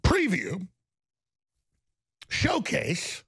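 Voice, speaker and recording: A man's voice: sits high, wildly swooping pitch, extremely slow, a bit bright, husky. A man hosting heated political commentary, ranting sarcastically. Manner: ranting, sarcastic, jumps between mock voices.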